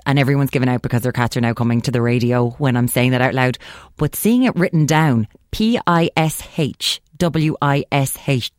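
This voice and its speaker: A woman's voice: very deep voice, no room sound, clean studio sound. An Irish woman hosting a radio show, chatting playfully and laughing easily. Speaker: radio host. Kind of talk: casual radio chat.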